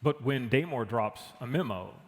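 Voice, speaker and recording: A man being interviewed, telling stories in an animated way and acting out the people in them. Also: medium pitch, normal speed. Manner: animated retelling, acts out what others said. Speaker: guest, engineering director. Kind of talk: conversational interview storytelling. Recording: long hall reverb.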